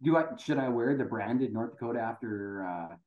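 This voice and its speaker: A man's voice: medium pitch, moderate pace. A man co-hosting a podcast in casual chat, joking wryly. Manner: wry, jokey, animated. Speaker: podcast co-host. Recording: tinny phone-like line with echo.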